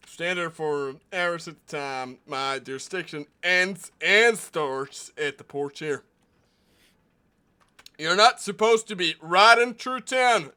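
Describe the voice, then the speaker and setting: A man playing a fussy male deputy marshal in a western roleplay game, laying down rules in a slow, officious way. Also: a little high, bright, forceful tone, clear, resonant tone, pitched above the performer's own voice. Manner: officious, drawn-out rule-laying.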